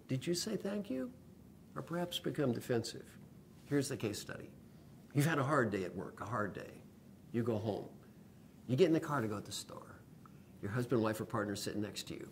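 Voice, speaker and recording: An older man delivering a coaching talk. His pitch rises and falls a great deal as he acts out the people in his stories. A faint rumble sits under the recording. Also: a little fast, vocal fry. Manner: animated storyteller who acts out quoted voices. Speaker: executive coach. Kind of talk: lecture-style video blog.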